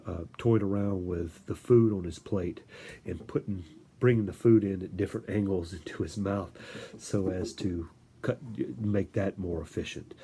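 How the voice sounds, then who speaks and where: A deep, mellow-voiced man lecturing in an informal, storytelling way. He stops and restarts often, filling pauses with filler words. A faint hiss sits under his voice. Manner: animated storytelling with acted-out quotes.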